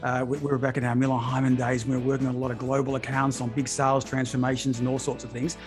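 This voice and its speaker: A man's voice: medium pitch, monotone, fast, music in the background. A middle-aged man hosting a podcast interview, effusive and upbeat, often repeating his praise. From Australia. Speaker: podcast host. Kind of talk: enthusiastic interview chat.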